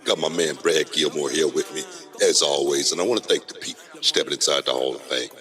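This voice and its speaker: A middle-aged man, hosting a casual podcast chat, animated, laughing often and repeating himself. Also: very deep voice, a little fast, in a large hall. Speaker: podcast host.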